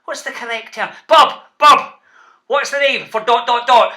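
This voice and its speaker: A man's voice: very high-pitched, measured pace. Playful Scottish man teaching kids. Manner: animated, playful, teasing. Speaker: children's author. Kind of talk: reading and teaching to schoolchildren.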